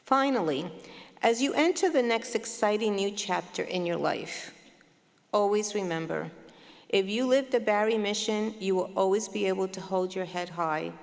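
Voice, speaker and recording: A woman's voice: mid-range voice, normal speed, gravelly. A woman dean giving a formal, emphatic commencement welcome speech from a podium microphone. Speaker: law school dean. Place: large hall at a graduation ceremony. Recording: long hall reverb.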